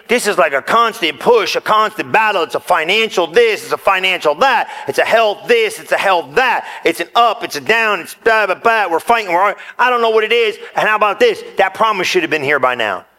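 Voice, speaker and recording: A man preaching a sermon as a pastor, animated and casual, with slang and direct appeals to his listeners. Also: high voice, fairly quick, few pauses. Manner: animated, casual slang, talks straight to the crowd.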